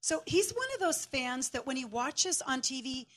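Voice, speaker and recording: A woman sharing a sermon in a church, telling a lively story and laughing as she goes. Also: high voice, moderate pace. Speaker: guest preacher.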